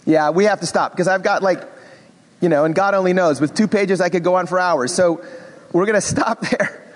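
A middle-aged man teaching a Bible class, animated and expressive, with self-deprecating asides. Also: high voice, moderate pace, in a large hall.

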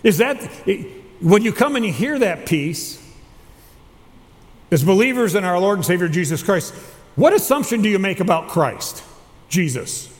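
A man's voice: high voice, sing-song, normal speed, pauses often. A man who is a chaplain preaching a sermon, asking the congregation question after question and answering them himself. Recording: long hall reverb.

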